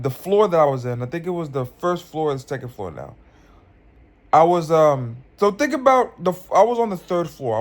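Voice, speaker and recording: A young man telling a dream story into his phone in a casual, rambling way, full of restarts and fillers. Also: on the high side. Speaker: vlogger.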